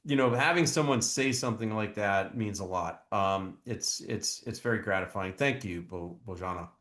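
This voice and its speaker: Earnest low-voiced male co-host. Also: fairly bright tone, reverberant. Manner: earnest, halting, repeats words. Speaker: podcast co-host. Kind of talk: casual chat reacting to comments.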